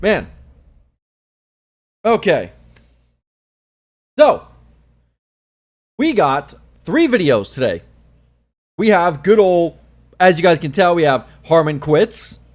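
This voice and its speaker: Excitable swearing young streamer, high voice. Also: male voice, takes it slowly, long pauses. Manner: excitable, swears a lot, laughs often. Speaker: live stream host. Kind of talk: casual live-stream commentary.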